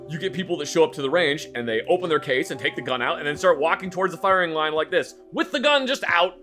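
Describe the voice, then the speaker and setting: With faint music in the background, a game streamer spins an animated, casual story, performing the scene, cursing and saying words over again. His pitch is fairly high and his pace brisk.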